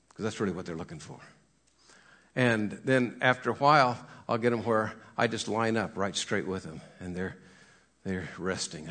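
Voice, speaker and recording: A man's voice: lowish voice, fairly bright tone. A middle-aged man, a horse trainer and cowboy preacher, telling folksy stories about horses and acting out what they think. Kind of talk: folksy storytelling with a sermon message.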